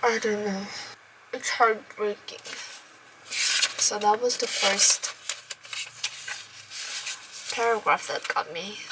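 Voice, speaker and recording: A woman reads a novel aloud at an easy pace, soft-spoken and now and then dropping to a whisper. She sits a little away from the mic, with a faint hiss behind her. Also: medium pitch, distant mic, rough recording. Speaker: book vlogger reading aloud. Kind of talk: reading a novel aloud with comments.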